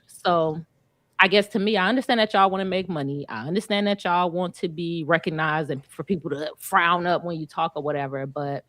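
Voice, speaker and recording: A woman's voice: lowish voice, brisk, fairly bright tone, no echo. A woman on a podcast panel, reflecting thoughtfully in casual, slangy talk.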